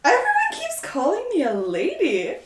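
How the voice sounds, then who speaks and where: A woman playing a tabletop game, bubbly and lively when voicing her character. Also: sits high, moderate pace, distant mic, slight background noise. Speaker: player. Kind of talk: tabletop role-play. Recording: roomy echo, faint music behind.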